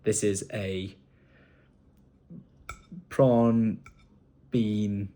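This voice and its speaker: A man's voice: fairly low pitch, level tone, extremely slow, warm tone. A man chatting casually and joking through a home family vlog. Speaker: family vlogger.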